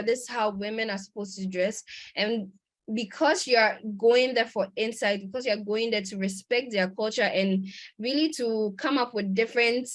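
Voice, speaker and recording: A woman presenting a conference lecture over a video call, talking in a conversational way with fillers and restarts. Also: fairly high pitch.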